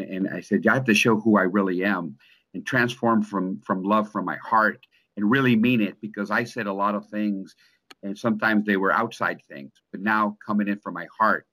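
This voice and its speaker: Low-voiced man, halting and earnest. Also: a bit bright. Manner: halting, with many restarts and repeated words; earnest and emotional. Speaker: coaching client. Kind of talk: personal testimonial in conversation.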